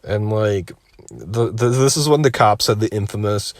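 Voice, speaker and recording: A man's voice: fairly low pitch, lively intonation, normal speed, no echo, studio quality. A young man casually telling a story in a rambling, laid-back way, swearing often and leaning on "like.".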